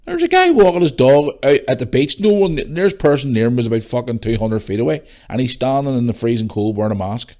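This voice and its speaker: A man's voice: medium pitch, very animated, quick pace, hardly any pauses, darkish tone. A middle-aged Northern Irish man hosting a solo podcast, ranting bluntly and swearing freely, tired and yawning. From Northern Ireland. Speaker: podcast host. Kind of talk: casual solo podcast chat.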